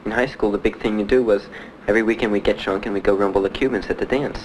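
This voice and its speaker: A man from Miami, a Marine veteran, telling his story in an interview, plain-spoken and halting with many fillers. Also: fairly low pitch, fairly even intonation, slight background noise, poor audio. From Miami, United States. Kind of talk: interview recollection.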